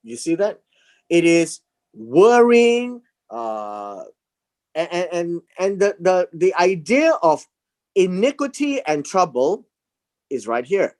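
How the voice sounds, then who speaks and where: A man teaching a Bible class. He talks in a slow, halting way and often repeats words and fillers as he reads verses and explains Hebrew words. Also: sits high, very animated, darkish tone. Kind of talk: Bible study lecture.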